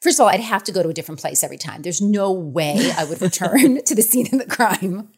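A middle-aged woman speaking as an author and podcast guest, frank and animated, laughing often. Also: mid-range voice, quick pace, breathy edge. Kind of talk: candid podcast conversation.

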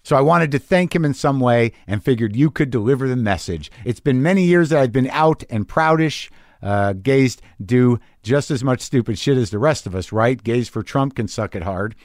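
A man's voice: medium pitch, lively intonation, normal speed, no echo, clean studio sound. A man hosting a podcast, reading listener emails aloud and riffing on them in a wry, profane, rambling way. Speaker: podcast host.

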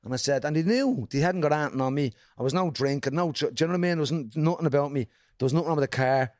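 Casting: Dublin comedian, man, slightly high voice, swears freely, dry close sound, animated storyteller. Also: racing, no echo. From Ireland. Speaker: comedian guest. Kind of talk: casual storytelling chat.

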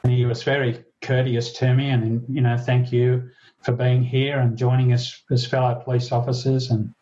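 A man tells his story in an earnest, halting way, often restarting his sentences and quoting others. His voice is mellow and dark at a middling pitch. The recording is dull and lo-fi. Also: flat delivery. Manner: earnest, halting, with many restarts and quoted dialogue. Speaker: former police officer and guest. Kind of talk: recounting a story in an interview.

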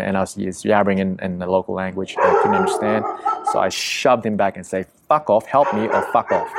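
A man's voice: low voice, vocal fry, heavy background noise. A man telling a story in a casual, conversational way, vivid and profane, often acting out what people said. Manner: vivid, profane, acts out quotes.

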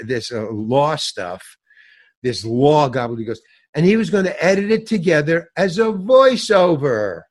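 An older man with a somewhat high voice tells an animated story, his pitch bouncing all over as he plays out every character. He laughs mid-sentence and swears casually, like a seasoned storyteller in an interview. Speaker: guest actor telling a story. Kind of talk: animated anecdote with acted-out quotes.

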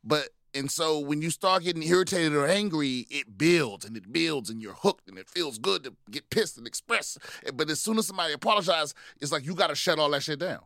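A man's voice: a little high, a little fast, gravelly, few pauses, fairly bright tone, no echo, clean studio sound. A man co-hosting a podcast, telling stories in a rambling, profane way with many restarts. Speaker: podcast co-host. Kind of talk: casual chat.

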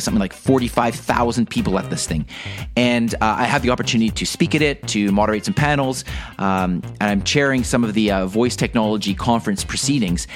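A man hosting a daily flash briefing podcast, talking casually and upbeat, with fillers and restarts. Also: medium pitch. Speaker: podcast host.

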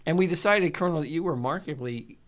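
A man's voice: fairly high pitch, fast. A man hosting a casual podcast, rambling and asking crude questions. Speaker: podcast host.

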